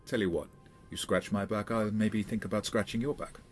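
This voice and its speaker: A man's voice: fairly low pitch, fairly even intonation, a little fast, faint music behind, lightly acted. A man voicing a pushy, sleazy male newspaper editor who bargains for information, in a put-on accent, in a tabletop game. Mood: bargaining.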